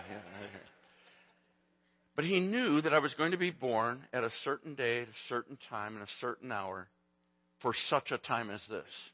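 A man's voice: medium pitch, moderate pace, bright, forceful tone, no echo. A man in his sixties preaching a sermon, telling folksy family stories and joking with the congregation. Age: 60s. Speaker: pastor.

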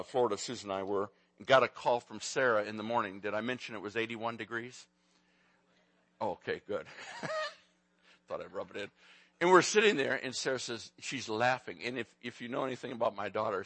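A man's voice: medium pitch, fairly bright tone, no room sound. A man in his sixties preaching a sermon, telling folksy family stories and joking with the congregation. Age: 60s. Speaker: pastor.

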